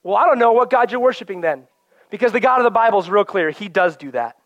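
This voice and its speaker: A man's voice: sits high, expressive, quick pace, no echo, dull audio. A man preaching a sermon in an earnest, conversational way, often acting out quoted voices and prayers.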